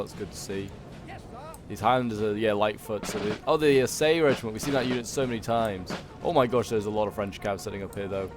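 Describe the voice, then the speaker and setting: A male game commentator with a middling voice talks casually through a battle, rambling and filling pauses as he thinks aloud. Music plays clearly behind him throughout. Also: medium pitch. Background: background music.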